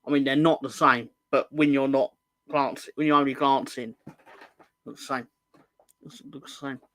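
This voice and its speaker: A man's voice: medium pitch, fairly even intonation, moderate pace, fairly bright tone, no room sound. A man hosting a football fan livestream in casual chat, rambling and joking, often correcting himself mid-sentence. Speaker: host of a football fan show.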